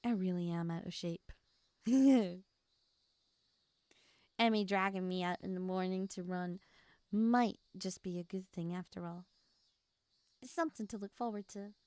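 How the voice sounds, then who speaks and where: A woman streaming a game live, excitable and giggly, breaking into shouts and laughter as she plays. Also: on the low side, unhurried, long pauses, no echo. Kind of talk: live gameplay commentary.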